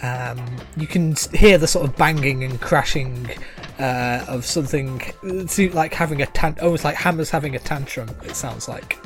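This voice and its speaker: A man running a tabletop game as game master, describing scenes with many pauses and fillers. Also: fairly high pitch, soft background music. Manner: hesitant, many uhs while describing scenes.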